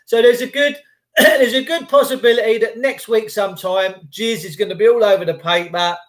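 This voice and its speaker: A man's voice: high voice, steady tone, moderate pace, fairly bright tone. A man hosting a live stream, ranting in a rambling, conspiratorial and mocking way, joking often and repeating his phrases as he talks to viewers.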